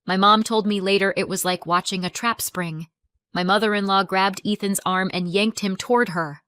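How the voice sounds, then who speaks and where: A woman narrating a story in a calm, measured storytelling voice. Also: mid-range voice, smooth, no room sound.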